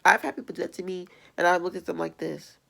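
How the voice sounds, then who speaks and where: Gravelly-voiced woman venting to camera. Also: fairly low pitch, fast. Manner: blunt, exasperated, animated. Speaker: vlogger. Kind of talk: casual vlog rant.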